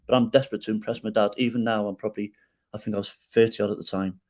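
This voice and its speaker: His voice on the low side and racing, a middle-aged podcast guest relates a personal story. He acts out the dialogue with animation, checking in with the listener by ending lines with "right?".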